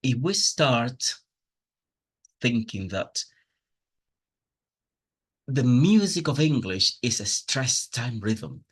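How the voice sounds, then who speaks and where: A man's voice: medium pitch, slightly rough. A man teaching a pronunciation lesson from slides, patiently explaining with spoken examples and plainly enthusiastic about teaching. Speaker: English teacher.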